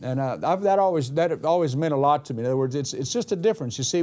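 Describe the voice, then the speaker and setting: A male preacher delivering a sermon in an easygoing, conversational manner. His voice sits at an ordinary middle pitch. He often repeats himself and pauses to search for the right word. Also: warm tone.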